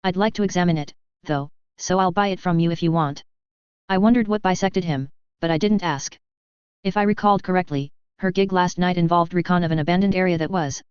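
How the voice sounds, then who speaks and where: A woman narrating a first-person story in an audiobook with a steady, even reading. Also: on the low side, clear, resonant tone, no room sound. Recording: dull, lo-fi and dry.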